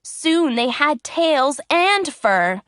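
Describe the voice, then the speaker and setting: A woman narrating a storybook for English learners in a clear, simple, measured way. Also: high voice, big pitch swings, a bit bright, dry recording, clean studio sound.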